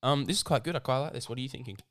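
A man's voice: mid-range voice, racing, slight background noise. A young man, a podcast co-host in casual chat, laid-back and joking, laughing often. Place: home room. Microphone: podcast mic.

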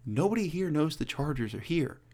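Animated, blunt male sports talk host. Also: on the high side, brisk. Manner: blunt and profane, riffing with laughs; animated, swings between loud and quiet. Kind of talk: casual solo sports commentary.

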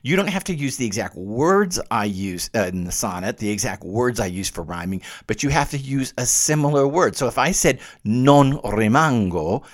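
A man lectures on poetry in an animated, conversational way, his pitch rising and falling widely. He talks casually, like he is chatting with his students. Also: a little fast, hardly any pauses. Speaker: literature lecturer.

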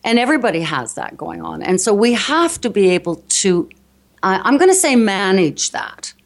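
A woman's voice: mid-range voice, big pitch swings, normal speed, vocal fry. A woman with a North American accent, a speech coach explaining her work earnestly in an interview. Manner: earnest, explanatory, with frequent restarts. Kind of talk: interview conversation.

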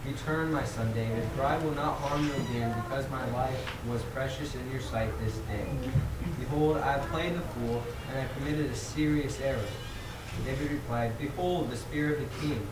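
A man reading a Bible passage aloud in a steady, measured way. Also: medium pitch. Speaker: scripture reader. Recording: echoey room, far from mic, loud noise.

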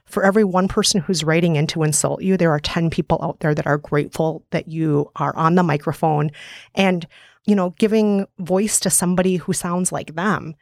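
Woman, Upper Midwest American accent, candid guest, lowish voice, dry close sound. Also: no room sound. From upper Midwest of the United States. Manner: friendly, candid, emphatic. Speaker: podcast guest and author. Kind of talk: interview conversation.

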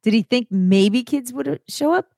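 A woman's voice: a little high, animated, moderate pace, creaky, mellow, dry recording, studio quality. Laughing woman co-hosting a podcast. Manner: laughs often, reads out comments. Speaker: podcast co-host. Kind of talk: casual banter.

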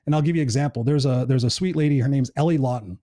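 A man's voice: medium pitch, very fast, dark tone, dry recording, studio quality. A middle-aged man hosting a live show in casual chat, earnest and encouraging, swearing now and then.

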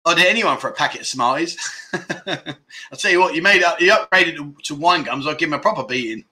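A man's voice: fairly high pitch, expressive, a little fast, sharp tone. A man hosting a casual livestream, reading viewer comments aloud and bantering jokily with chatty fillers. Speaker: livestream host.

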